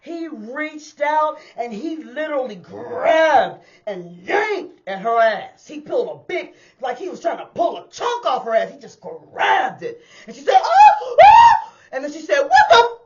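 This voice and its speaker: Animated woman telling a street story. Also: high-pitched, unhurried, hardly any pauses, highs cut off, a little hiss or hum. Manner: animated, addresses listeners as y'all, acts out sounds. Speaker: storyteller and former bus driver. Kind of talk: casual personal storytelling to an audience. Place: indoors on a hot day.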